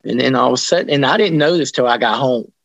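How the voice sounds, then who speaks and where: A man telling ghost stories in an interview, rambling and restarting his sentences, animated as he tells them. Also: medium pitch, fast, vocal fry, no room sound, highs cut off. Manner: rambling, with many restarts and colloquial grammar. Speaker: interviewee, paranormal investigator. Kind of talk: casual storytelling interview.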